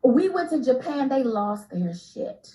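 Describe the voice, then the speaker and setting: An American woman telling an animated story as an interview guest, emphatic and quick to laugh, her pitch swinging from low to high. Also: reverberant, poor audio. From United States.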